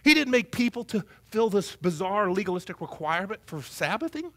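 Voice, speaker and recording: Animated, joking male pastor preaching. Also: high voice, fairly quick. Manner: humorous, animated, conversational preaching. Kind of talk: sermon. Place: church, before a congregation.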